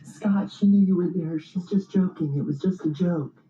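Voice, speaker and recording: A man voicing a group of tipsy women friends in a shrill, squealing falsetto, in a dull, roomy clip. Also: normal speed, mellow, a little hiss or hum, lightly acted. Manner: squealing, cheering.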